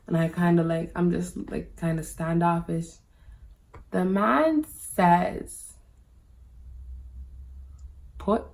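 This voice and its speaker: A woman's voice: lowish voice, creaky, darkish tone. A woman vlogger telling a personal story straight to her viewers in a casual monologue, packing nearly every phrase with "like". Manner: talks to viewers directly.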